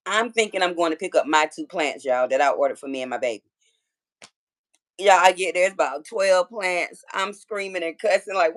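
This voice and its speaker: A woman's voice: fairly low pitch, brisk. A woman in her thirties from Georgia with a Southern accent, chatting casually and profanely with viewers on a phone livestream. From Georgia, USA. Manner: chatty, profane, talks straight to her chat. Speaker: livestream host.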